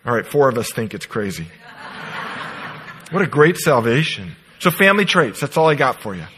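A middle-aged man preaching a sermon as pastor, emphatic and swinging from loud declarations to soft, quiet asides. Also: mid-range voice, big pitch swings, normal speed, a little hiss or hum, low-quality recording. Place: church sanctuary.

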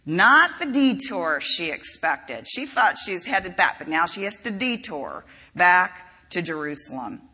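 A woman's voice: lowish voice, sing-song, unhurried, hardly any pauses, bright, forceful tone, husky. A woman preaching a sermon in a conversational, storytelling way with frequent asides, recorded in a large hall. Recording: reverberant hall.

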